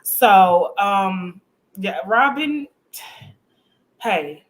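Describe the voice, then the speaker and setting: A woman on a live review panel, talking in an animated, sassy way and laughing often as she recaps a reality episode. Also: medium pitch, extremely slow. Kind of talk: casual show recap chat.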